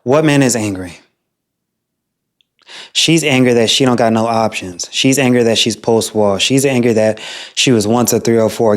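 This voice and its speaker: A man hosting a reaction video, ranting in a crude, scornful way about the clips he plays. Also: fairly low pitch. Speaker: reaction host. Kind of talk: reaction commentary.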